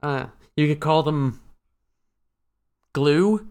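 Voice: medium pitch, extremely slow, darkish tone. A man co-hosting a podcast, chatting casually and wryly, with many fillers and restarts. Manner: rambling, lots of fillers and restarts, wry. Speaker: podcast co-host. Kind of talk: casual chat.

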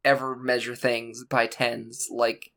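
Podcast co-host, bright and sharp tone; sarcastic, profane, joke-driven casual delivery. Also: medium pitch, little pitch movement, slow pace. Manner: sarcastic, swears, jokey asides. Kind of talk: casual chat.

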